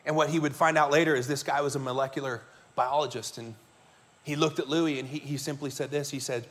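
A man's voice: medium pitch, fairly even intonation, brisk, a bit bright. A man preaching a sermon as pastor to his congregation, telling stories in a conversational way and asking the listeners questions. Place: church sanctuary before a congregation.

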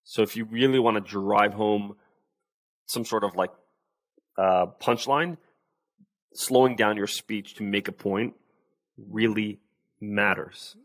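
Low-voiced man coaching on sales talk. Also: fairly even intonation, slow pace, long pauses, no echo. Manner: explanatory, demonstrates tones of voice. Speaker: sales coach, interview guest. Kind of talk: casual interview talk.

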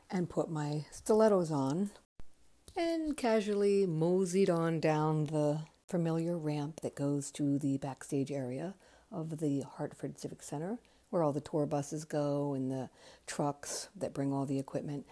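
A woman in her fifties, a podcast host telling her memories in a chatty, conversational way that drifts softer at times. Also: low-pitched. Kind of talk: casual memoir storytelling.

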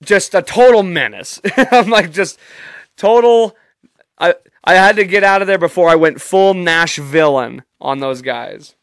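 A man's voice: high-pitched, a little slow, fairly bright tone, smooth, dry recording, clean studio sound. A young man telling a rambling, profane story in a casual, self-amused way.

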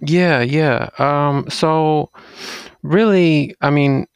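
A man from Mississippi with a light Southern accent, a podcast guest talking in a soothing, relaxed way. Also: on the high side, drawn-out words, clean tone, no room sound. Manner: soothing, relaxed, even delivery. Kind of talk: casual interview chat.

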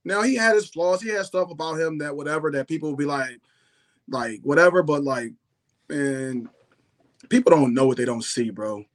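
A young man, a former football player, telling stories in a slangy, animated way, saying "bro" and "yo" constantly. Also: fairly high pitch, normal speed. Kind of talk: casual storytelling chat.

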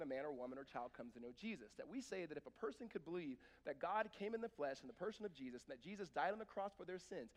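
A man preaching a sermon as pastor, conversational and animated, with sudden emphatic bursts. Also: high voice, long reverb tail.

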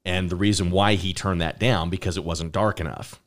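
A man's voice: low voice, steady tone, normal speed. A man hosting a casual podcast, enthusiastic and repeating words as he starts his thoughts. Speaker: podcast host.

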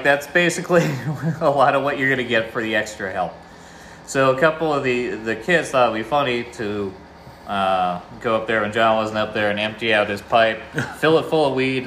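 A man's voice: lowish voice, fairly bright tone, a little hiss or hum. A man co-hosting a podcast in a garage, telling a casual anecdote with laughs and swearing. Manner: laughing, loose anecdote with profanity. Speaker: podcast co-host. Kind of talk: casual storytelling. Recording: echoey garage, faint ambience.

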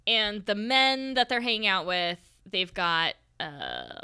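A woman's voice: medium pitch, wildly swooping pitch, takes it slowly, sharp tone, clear, resonant tone. A woman co-hosting a podcast in a giggly, enthusiastic casual chat. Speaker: podcast co-host.

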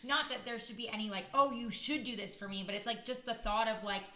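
A woman hosting a casual interview, encouraging and quick to react. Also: fairly high pitch, bright, forceful tone. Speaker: host.

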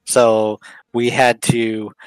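A man co-hosting a podcast in casual banter, telling stories deadpan and swearing freely. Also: mid-range voice, extremely slow, clear, resonant tone, no echo, poor audio. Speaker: podcast co-host.

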